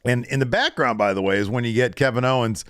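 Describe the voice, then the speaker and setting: A man's voice: mid-range voice, fast, no room sound, studio quality. A man co-hosting a casual podcast, recapping wrestling and acting out quotes in voices. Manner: animated, acts out quotes in voices. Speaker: podcast co-host.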